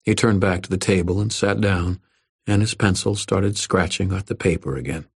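Deep, husky male audiobook narrator. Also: normal speed. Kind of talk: first-person fantasy audiobook narration.

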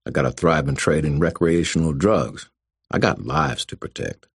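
A man voicing a big, calm rural campus police officer who speaks in a slow drawl. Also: rumbling low, creaky, husky, no echo, studio quality, full character voice. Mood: steady.

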